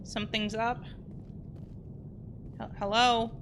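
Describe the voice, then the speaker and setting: A woman commenting on her gameplay as host, chatting to the game's characters and yelping loudly when startled. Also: on the high side, level tone, takes it slowly, background noise. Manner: chatty, talks to game characters, startled into loud yelps. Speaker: let's play host. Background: game music and gunfire.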